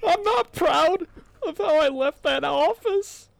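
A pathetic middle-aged man blubbering through an apology. The voice is pitched way up into a high, wavering wail. He stretches his words out slowly between sobs. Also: vocal fry, dry recording, exaggerated voice. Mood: sobbing. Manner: high, wailing, drawn-out crying voice. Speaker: podcast co-host.

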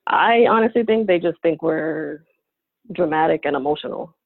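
A woman's voice: low-pitched, moderate pace, creaky, no room sound. A woman in her late twenties, an interview guest telling her personal story candidly and emotionally, with lots of "like". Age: late 20s. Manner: emotional, animated retelling with frequent "like". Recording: tinny phone-line sound.

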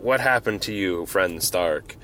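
A man's voice: deep voice, expressive, a little slow, a bit bright. A man voicing a jovial, friendly male thunder god with formal, old-fashioned phrasing, in a comedic retelling. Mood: puzzled. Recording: noisy home recording.

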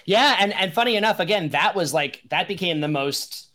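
A man from Long Island talks casually as a podcast guest. His voice is bright and forward, and he rambles through stories with lots of fillers and restarts. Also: sits high, animated, normal speed. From Long Island, New York. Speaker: guest musician.

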